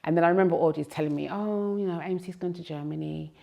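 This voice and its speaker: A woman gospel singer reminiscing in an interview, talking in a lively, expressive way. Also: lowish voice, fast talker, creaky.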